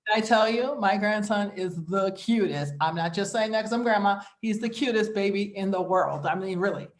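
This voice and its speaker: A middle-aged woman performing a stand-up set, telling chatty, animated stories about her family. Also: mid-range voice, moderate pace, roomy sound. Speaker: stand-up comedian.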